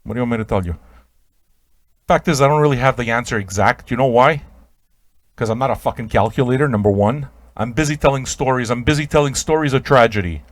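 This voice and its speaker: A man hosting a radio show, telling an improvised absurd comic story in a rambling, stammering way with sudden shouted outbursts. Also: medium pitch, fast, dry recording, studio quality.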